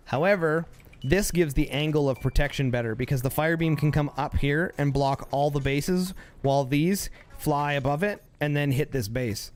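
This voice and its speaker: A man giving excitable play-by-play commentary on a strategy game, often repeating short calls. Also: medium pitch. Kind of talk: live gameplay commentary.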